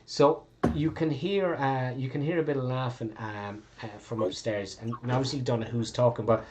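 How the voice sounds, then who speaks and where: A man's voice: mid-range voice, steady tone, normal speed, very noisy. A man with an Irish accent narrating as game master, rambling with fillers and the odd swear.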